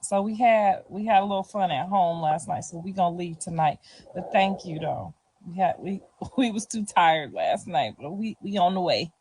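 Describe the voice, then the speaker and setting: A middle-aged woman responds to a casual street interview in a fairly low, slightly rough, expressive voice at a moderate pace. Her talk is loose and slangy, peppered with "you feel me" and soft laughter, on a low-quality recording.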